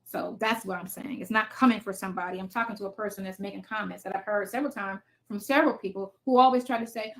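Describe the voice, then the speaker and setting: A woman's voice: mid-range voice, steady tone, fast talker, hardly any pauses, fairly bright tone. A woman in her fifties hosting a casual livestream from her basement, talking bluntly and cursing freely as she answers viewers' comments. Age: 50s. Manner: blunt, profane, defiant. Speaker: livestream host. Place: home basement.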